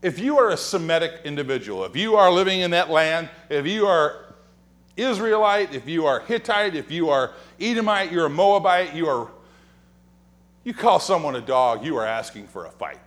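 A man's voice: on the high side, moderate pace. A man preaching a sermon as pastor in a church sanctuary, telling humorous stories and acting out quoted lines. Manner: animated, joking storyteller who acts out quotes and whispers.

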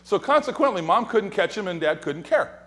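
A male pastor delivers a sermon in a church sanctuary. His voice sits a little high and swings widely in pitch as he tells funny stories and acts out whispered gossip. He talks like a storyteller, building to punchlines. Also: normal speed. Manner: animated, joking storyteller who acts out quotes and whispers.

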